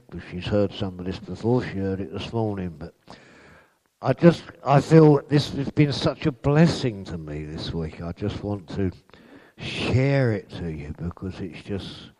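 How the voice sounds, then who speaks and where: A man's voice: sits low, dark tone. A man preaching a sermon in an earnest way, building to emphatic peaks on repeated phrases.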